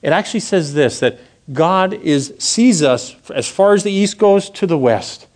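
A man, preaching a sermon in a church and telling a personal story, animated and conversational, asking the congregation questions. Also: measured pace. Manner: animated storytelling, acts out quotes with big pitch jumps; conversational, asks the audience questions. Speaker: pastor.

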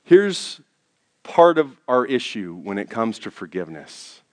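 A middle-aged man preaching a sermon to a congregation in a church, telling personal stories and dropping his voice low for quoted thoughts. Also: sing-song, unhurried. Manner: storytelling, drops to a hushed low voice for quoted thoughts. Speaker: pastor.

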